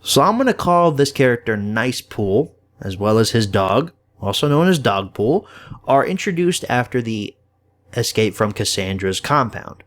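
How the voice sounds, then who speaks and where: Give me a young man reviewing a movie casually, stumbling over words now and then, with a lowish, animated voice. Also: unhurried. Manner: enthusiastic, profane, occasional stammers. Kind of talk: casual spoken film review.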